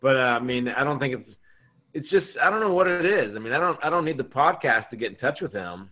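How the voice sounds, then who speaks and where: Male podcast guest on a tinny line, mid-pitched voice, eager and halting in casual chat. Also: expressive. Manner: eager questions, halting phrasing.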